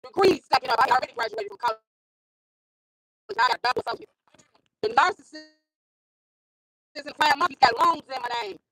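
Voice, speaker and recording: This is a woman with a high, bright-sitting voice, recorded close and dry. She vlogs casually about her own life, pressing her points hard and repeating lines to drive them home. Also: lively intonation, fairly quick, long pauses, husky, dry recording, poor audio. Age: adult with a school-age son. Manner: emphatic, repeats phrases for stress. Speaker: vlogger. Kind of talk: casual storytelling monologue.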